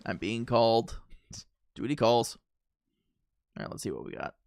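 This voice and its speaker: A man's voice: mid-range voice, expressive, moderate pace, gravelly, darkish tone, no room sound. A man chatting casually to his viewers while streaming a game, rambling with fillers and easy laughs. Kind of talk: casual gaming stream chat.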